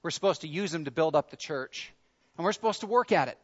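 A man's voice: on the high side, expressive, quick pace, fairly bright tone, slightly rough, dull audio. A man preaching a sermon in an earnest, conversational way, leaning into his questions. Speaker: pastor.

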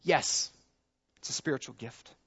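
A man's voice: unhurried, fairly bright tone, lo-fi sound. A man preaching a sermon in an earnest, conversational way, leaning into his questions. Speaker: pastor.

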